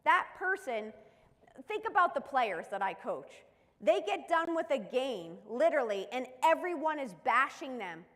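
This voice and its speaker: A woman's voice: sits high, a bit bright, in a large hall. A woman who works as a mental skills coach, giving an emphatic motivational talk full of rhetorical questions. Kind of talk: motivational live-stream talk.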